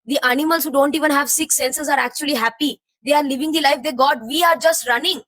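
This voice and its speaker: A woman's voice: sits high, quick pace, a bit bright, no echo, poor audio. A young woman talking to her viewers, venting her jumbled thoughts in a rambling, confused and frustrated way while feeling emotionally heavy. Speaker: vlogger. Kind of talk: personal venting to camera.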